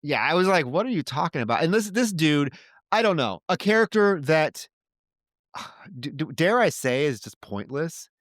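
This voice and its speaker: Animated man recapping a movie plot. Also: a little high, unhurried, no echo, clean studio sound. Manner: animated retelling, swearing, exasperated asides. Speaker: podcast co-host. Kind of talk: casual film discussion.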